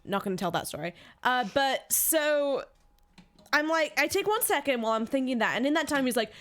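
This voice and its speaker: A young woman with a non-local accent, chatting casually as a podcast co-host and telling stories. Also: brisk. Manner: animated, jumps into high voices when quoting. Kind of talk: casual chat and storytelling.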